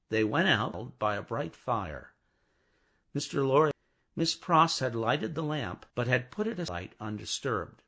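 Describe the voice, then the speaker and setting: A male audiobook narrator with a gravelly, creaky voice at a middle pitch. He reads a classic novel with lively, swooping intonation. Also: a little slow.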